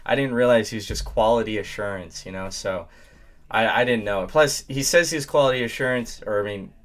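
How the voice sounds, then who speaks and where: A man hosting a live stream, reacting to a video in blunt, profane casual talk with sudden loud outbursts. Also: on the low side, fairly quick. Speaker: stream host.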